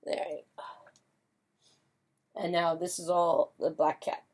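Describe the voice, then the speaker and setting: This woman's voice is fairly low, level, slow, and a little mellow. A pet portrait artist and instructor, she gives a casual watercolor demo in an upbeat, chatty way, full of fillers and hummed doo-doo sounds.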